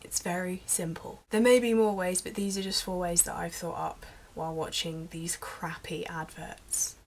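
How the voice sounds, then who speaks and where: A woman's voice: lowish voice, little pitch movement, moderate pace, poor audio. Exasperated young British woman ranting. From Britain. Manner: rambling and exasperated, with many fillers. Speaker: vlogger. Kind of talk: ranting vlog monologue.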